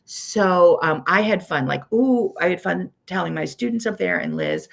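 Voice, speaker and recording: A woman with a Pittsburgh accent chats casually on her livestream. Her voice sits low with a gravelly edge. She rambles warmly through greetings, filling pauses with "um.". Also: big pitch swings. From Pittsburgh, USA. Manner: chatty, rambling, many "um"s, greets viewers by name. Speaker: quilting teacher hosting a weekly livestream.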